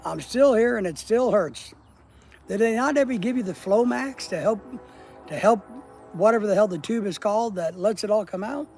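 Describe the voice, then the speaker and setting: A man's voice: high voice, normal speed, a little mellow, soft background music, low-quality recording. A man hosting a casual live stream outdoors at night, reading viewer comments aloud and teasing them in a blunt, profane, joking way.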